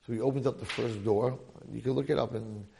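Gravelly animated storyteller man. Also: mid-range voice, fast talker, a little hiss or hum. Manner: animated storyteller, talks to audience. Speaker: Torah teacher. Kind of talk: storytelling Torah class.

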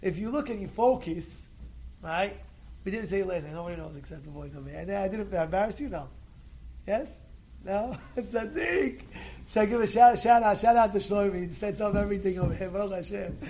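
A man with a notably high voice leads a casual Torah class, pressing his point over and over. He drops to near-mutters, then rises to forceful, shouted exhortations, sprinkling in Hebrew blessings as he goes. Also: brisk, a little hiss or hum. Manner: animated, swings from quiet asides to shouted exhortations, repeats phrases; peppers speech with Hebrew blessings. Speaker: rabbi giving a Torah class. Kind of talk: informal Torah talk to a live group.

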